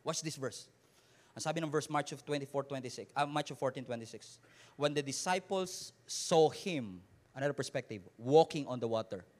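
A man with a Filipino accent preaching a Taglish sermon as pastor, swinging from shouted emphasis to hushed, quiet lines. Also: medium pitch.

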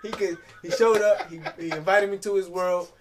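A man co-hosting a podcast in casual chat, animated and swearing, with mock outrage. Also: high-pitched, normal speed, noisy background. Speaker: podcast co-host.

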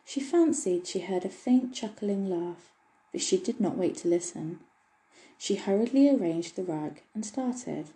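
A woman narrating an old fairy tale in a measured storytelling manner. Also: lowish voice, warm tone, rough recording.

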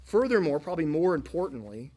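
Guy preaching, kinda high voice, talks to the congregation like a chat, lots of restarts. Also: very animated, fast, darkish tone. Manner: conversational preaching with many restarts and questions to the congregation. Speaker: pastor. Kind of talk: sermon.

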